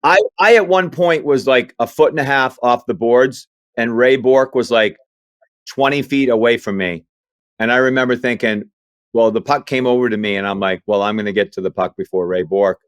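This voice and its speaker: A man from Maine telling comic stories in a relaxed podcast chat. His voice sits at an everyday pitch, and he jumps in and out of quoted voices. The sound is dry and close to the mic. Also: moderate pace, clear, resonant tone, no room sound. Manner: animated storyteller acting out quoted voices. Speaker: comedian guest. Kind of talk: storytelling interview chat.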